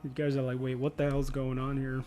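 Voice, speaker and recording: A man's voice: medium pitch, monotone, a little fast, dark tone, a little hiss or hum. A man streaming a video game, chatting casually and jokingly with viewers, laughing often. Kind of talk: casual livestream chat.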